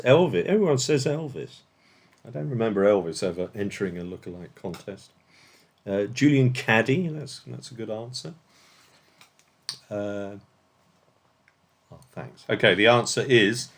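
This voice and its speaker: An English man hosting an online quiz night over a video call, reading questions and bantering playfully with players. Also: on the low side. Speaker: quizmaster.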